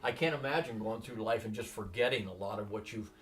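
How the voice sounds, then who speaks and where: Recorded far from the mic against a noisy background, this interviewee in his 60s has a fairly low voice and talks a little fast. He rambles animatedly through long personal stories, voicing the people he quotes.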